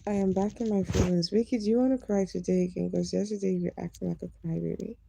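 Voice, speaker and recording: A woman's voice: mid-range voice, steady tone, fast talker, vocal fry, background noise. A woman live-streaming, chatting casually with viewers, teasing them and laughing often as she reads their comments.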